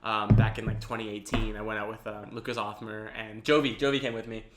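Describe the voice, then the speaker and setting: A man's voice: on the low side, level tone, fast. A man hosting a podcast, talking in a rambling way with many restarts and casual swearing. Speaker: podcast host. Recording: echoey room with faint noise.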